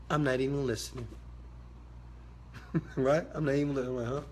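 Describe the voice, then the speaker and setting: A man giving a motivational talk to his viewers, emphatic and preachy, swinging from quiet asides to loud shouted bursts. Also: a little high, fairly even intonation, quick pace, pauses often, a little hiss or hum. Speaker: motivational speaker.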